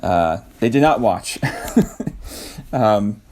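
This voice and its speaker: A man hosting a casual devotional talk, thinking aloud with restarts and soft laughs. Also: lowish voice, expressive, very slow. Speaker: podcast host.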